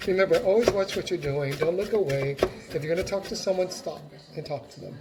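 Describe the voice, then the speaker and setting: A man's voice: high-pitched, a little fast, heavy background noise. A man giving a casual cooking demonstration in his home kitchen, chatty and encouraging as he talks while chopping.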